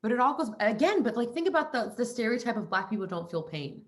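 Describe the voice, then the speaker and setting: A woman's voice: a little high, big pitch swings, fast talker. A young adult woman, a podcast guest, talking emphatically in casual conversation and acting out the people she quotes.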